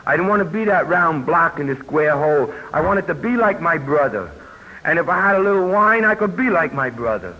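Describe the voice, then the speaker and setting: A man's voice: fairly high pitch, lively intonation, brisk, bright, forceful tone. Older New man telling his story. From New York. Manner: plainspoken storytelling, folksy asides. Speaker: recovery convention speaker. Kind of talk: personal testimony talk. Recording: muffled old tape with hiss.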